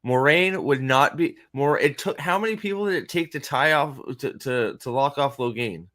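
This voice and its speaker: A man's voice: medium pitch, moderate pace, a bit bright. A man hosting a casual reaction commentary, rambling, profane and sarcastic, with frequent restarts. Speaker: host.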